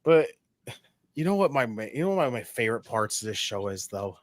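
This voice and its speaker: A man co-hosting a casual wrestling podcast, excitable and profane, repeating himself for emphasis. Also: medium pitch, a little fast, no room sound. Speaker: podcast co-host.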